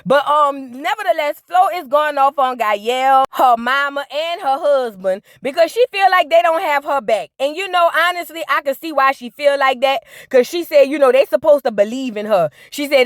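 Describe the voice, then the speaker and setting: A woman's voice: sits high, normal speed, dry recording, clean studio sound. A woman hosting a casual reality TV recap vlog, sassy, gossipy and full of slang.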